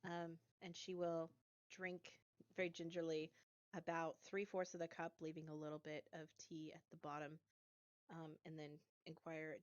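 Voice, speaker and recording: A woman playing a tabletop game, describing her character's actions in a soft, hesitant way. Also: sits low, completely flat delivery, normal speed, no room sound, muffled recording. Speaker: player. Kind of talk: casual tabletop game talk.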